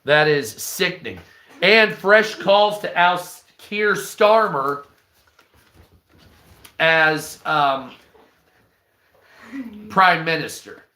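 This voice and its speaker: Slow, blunt male news commentator. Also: fairly high pitch, lively intonation, pushed and bright. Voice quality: blunt, opinionated, frequent ums. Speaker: livestream news commentary host. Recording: roomy echo.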